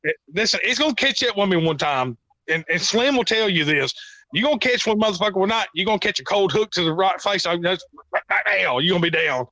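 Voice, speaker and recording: High, bright-voiced swearing man. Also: expressive, fast talker. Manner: rambling, profane storytelling. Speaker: podcast guest. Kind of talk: casual chat.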